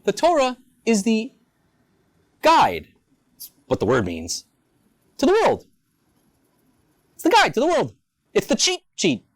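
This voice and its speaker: A man's voice: very high voice, huge pitch swings, slow pace, long pauses. A man, a rabbi, teaching a lunchtime Torah class with rhetorical questions and playful asides. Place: school campus.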